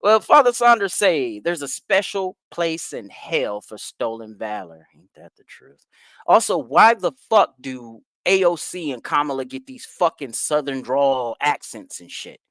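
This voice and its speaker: Male host reacting to clips, loud and laughing, animated delivery, dry mic. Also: a little high, measured pace, no echo. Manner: loud, laughing, swings from shouting to mumbling. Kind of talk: casual profane commentary over news clips.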